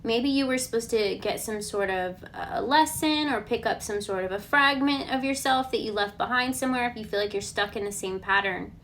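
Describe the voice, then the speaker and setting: A woman's voice: on the high side, fairly quick, hardly any pauses, a little hiss or hum. Chatty woman giving a tarot reading. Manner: chatty, ends points with a questioning "okay?"; relaxed and reassuring, thinks aloud with fillers. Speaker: tarot card reader. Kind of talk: casual collective tarot reading.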